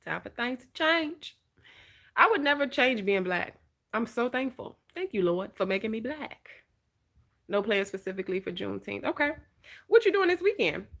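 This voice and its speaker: A woman with a Southern American accent from Georgia, hosting a casual live-stream chat in an animated, expressive voice. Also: fairly high pitch, moderate pace, creaky. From Georgia, USA. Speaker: vlogger, host.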